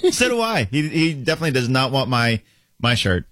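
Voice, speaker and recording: A young adult man co-hosting a casual sports podcast, easygoing and teasing, quick to laugh. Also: mid-range voice, big pitch swings, fairly bright tone, dry recording. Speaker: podcast co-host.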